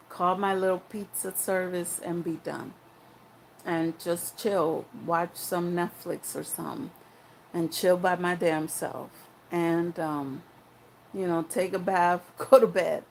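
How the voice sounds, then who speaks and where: A woman's voice: lowish voice, creaky, slight background noise, rough recording. A young woman telling a personal story in a frank, rambling, profane way, full of restarts and asides.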